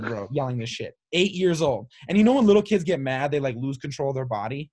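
A young man, a podcast co-host, chatting casually and telling an animated, profane story. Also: medium pitch, fast, hardly any pauses. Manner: loose, animated storyteller, swears a lot. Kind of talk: casual chat.

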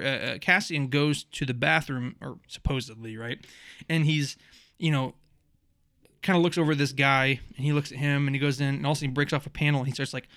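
Man co-host, slightly high voice, loose rambling recap, dry close sound. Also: a bit bright, clear, resonant tone, no echo. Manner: rambling, full of restarts and fillers. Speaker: podcast co-host. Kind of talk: casual TV episode recap chat.

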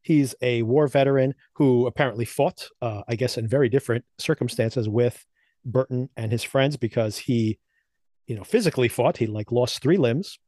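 A male podcast co-host casually recaps and reviews TV episodes in loose, chatty phrasing, with frequent laughs and fillers. His medium-pitched voice has a dark tone and normal speed, and the recording is dry.

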